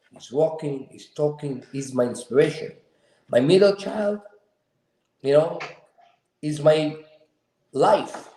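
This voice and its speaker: Male host, earnest storyteller, higher-pitched but warm tone, echoey room. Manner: earnest, emphatic, slightly non-standard grammar. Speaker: show host. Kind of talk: heartfelt personal storytelling. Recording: roomy echo.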